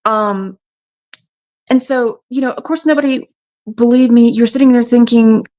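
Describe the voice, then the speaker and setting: A woman's voice: a little high, steady tone, moderate pace, a little mellow. A woman from South Carolina, frankly recounting a personal ordeal as a radio show guest. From South Carolina, USA. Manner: frank, matter-of-fact storytelling. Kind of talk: personal testimony.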